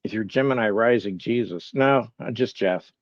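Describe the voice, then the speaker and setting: A man with a lowish voice chats casually on a live stream, musing aloud and reading replies from his audience. He sounds bemused and mocks his own confusion. The sound is dry and a little dull. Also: moderate pace, dry recording. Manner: muses aloud and reads chat replies; bemused, self-mocking. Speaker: livestream host.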